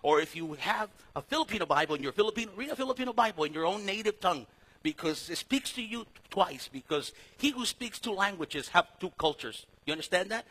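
A middle-aged man from a Spanish-speaking background teaching a Bible study, talking in a lively, casual way that swings between loud and soft and calling listeners "man" and "dude.". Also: high voice, fast, husky. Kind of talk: sermon.

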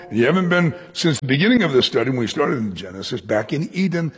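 A man with a raspy, breathy voice preaches a study, his pitch leaping up for emphasis and dropping low for asides. He talks to the congregation directly, checking that they follow. His words ring out with long reverb in a large hall. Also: a bit bright. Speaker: pastor. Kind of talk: verse-by-verse Bible teaching sermon.

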